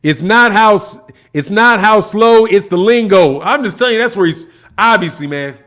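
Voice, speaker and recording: A man's voice: sits high, expressive, moderate pace, a bit bright. A man hosting a boxing channel, chatting casually on a livestream with lots of slang and frequent laughter. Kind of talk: casual livestream chat reading comments.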